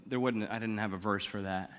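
A man's voice: lowish voice, a bit bright, in a large hall. A pastor from Missouri preaching a sermon, telling his testimony in a bold, outspoken, conversational way.

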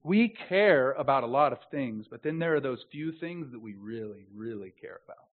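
A man preaching a sermon as a pastor, swinging from soft, close, earnest phrases to loud, slowed, emphatic proclamation. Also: medium pitch, animated. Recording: tinny phone-like sound.

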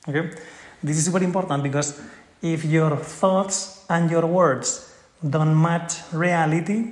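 A man with a somewhat high voice gives an earnest, conversational spiritual talk. He keeps checking in with his listeners as he makes his points, and his voice rings in a roomy, echoing space. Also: darkish tone. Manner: earnest, tags points with "right?". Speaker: spiritual speaker. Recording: echoey room.

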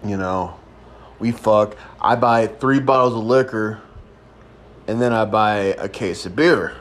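A man's voice: fairly low pitch, measured pace. A young man in his twenties telling a rambling, crude story in a casual chat. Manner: crude, rambling, laid-back. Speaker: podcast host.

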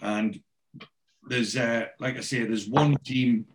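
Guy chatting away about a show, rambly, swears a lot, middle pitch, does the characters' lines. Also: steady tone, takes it slowly, slight background noise. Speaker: podcast host recapping a TV show. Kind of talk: casual chat.

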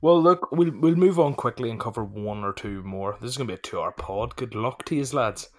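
A man's voice: mid-range voice, animated, brisk. Joking man hosting a boozy podcast. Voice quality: loose, jokey banter, swears freely. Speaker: podcast host. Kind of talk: casual podcast chat over drinks.

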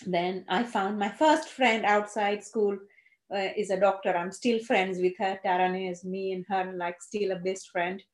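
A woman, a Gujarati speaker who tells her life story haltingly, with many fillers and restarts. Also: medium pitch, fairly even intonation. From India (Gujarat). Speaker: interviewee. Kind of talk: personal storytelling. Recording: roomy echo.

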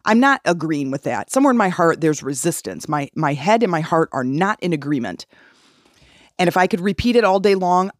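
A woman hosts a solo motivational podcast, coaching her listeners with earnest rhetorical questions. Her voice sits a little low for a woman. The recording is dry and close, with no room sound. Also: no echo. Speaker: podcast host.

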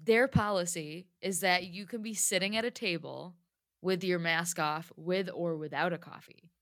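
A woman's voice: lowish voice, normal speed, no echo, clean studio sound. A woman telling a personal story in a casual chat, with lots of "like" fillers. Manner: chatty, lots of "like", animated retelling.

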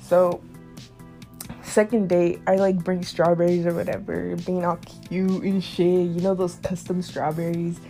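A young woman in her twenties hosting a casual podcast, chatting in a slangy, swearing, animated way. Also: on the low side, a little slow, creaky, faint music behind. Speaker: podcast host. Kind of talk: casual chat.

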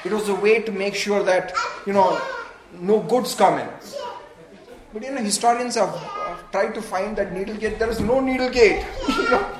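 A woman preaching a sermon, animated and full of rhetorical questions, laughing between phrases. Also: medium pitch, moderate pace, crowd noise. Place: church hall. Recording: echoey room.

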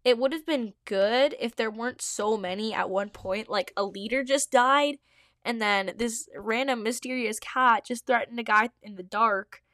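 A woman reads her old fanfiction aloud as host, breaking in often with giggly, self-mocking asides. Her voice sits fairly high. The sound is dry and close, with no room echo. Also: normal speed, fairly bright tone. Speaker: podcast host. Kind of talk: reading own old fanfiction with commentary.

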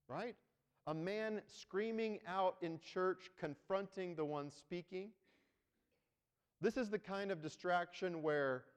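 Give me a male pastor preaching in a conversational way, with a slightly high, animated voice in a reverberant sanctuary. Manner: conversational, tags points with "right?". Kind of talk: sermon. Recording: long hall reverb.

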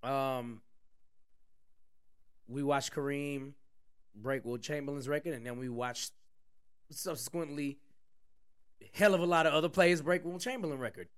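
A man co-hosts a relaxed sports podcast, his voice sitting a little high. He teases his partner, laughs easily and swears in passing. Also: measured pace, long pauses, smooth. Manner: laughing, teasing, swears casually. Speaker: podcast co-host. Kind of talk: casual podcast chat.

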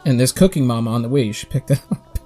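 A man co-hosting a podcast, chatting casually and telling stories in a rambling, animated way with quick acted-out quotes. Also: medium pitch, faint music behind. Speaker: podcast co-host. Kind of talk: casual chat.

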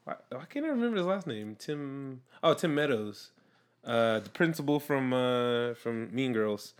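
A man's voice: medium pitch, expressive, unhurried, clear, resonant tone. A young man chatting casually while watching a movie with a friend, rambling with lots of fillers and laughing often.

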